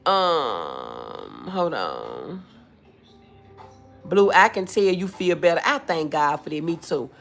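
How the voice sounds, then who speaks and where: A woman's voice: sits low, very animated, slow pace, vocal fry, fairly bright tone, faint music behind. A woman hosting a casual home livestream, chatting with viewers, laughing often and calling them y'all and baby. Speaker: livestream host.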